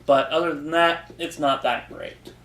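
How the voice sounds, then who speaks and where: A man's voice: fairly high pitch, steady tone, unhurried, fairly bright tone. A man co-hosting a podcast, chatting casually about comics in an easygoing way and chuckling often. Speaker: podcast co-host. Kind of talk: casual comic review chat. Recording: roomy echo.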